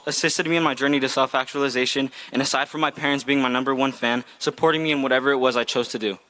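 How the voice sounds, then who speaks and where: A man's voice: mid-range voice, bright, forceful tone. A young man, a graduating student, giving an earnest, heartfelt graduation speech read from a script. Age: young adult. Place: outdoor graduation ceremony.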